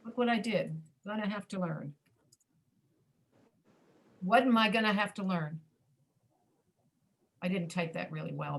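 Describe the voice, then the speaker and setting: A woman's voice: mid-range voice, measured pace, vocal fry, long pauses. Woman teaching pronunciation online. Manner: demonstrates spoken reductions, checks understanding often.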